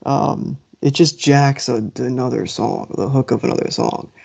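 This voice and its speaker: A man's voice: medium pitch, measured pace, vocal fry, warm tone, husky. A man on a casual music podcast, swearing freely and often groping for words mid-sentence. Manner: profane, gropes for words, dismissive of pop songs.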